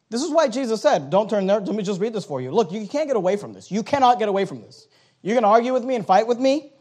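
Middle-aged male pastor, very high voice, emphatic sermon delivery with hushed asides. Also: animated, fast talker. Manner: emphatic preaching with sudden drops to a hush.

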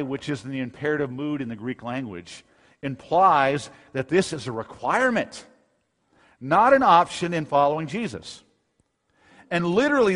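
Guy preaching a sermon, kinda high voice, gets loud and punchy, echoey church hall. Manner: emphatic preaching, rising to loud bursts. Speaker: pastor. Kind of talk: expository sermon.

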